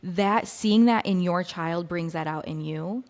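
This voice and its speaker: A woman's voice: fairly low pitch, unhurried, darkish tone. A woman co-hosting a podcast, chatting casually, sharing sayings and advice in a reflective way. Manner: reflective, offers sayings and advice, many "like" fillers. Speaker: podcast co-host. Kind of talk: casual chat.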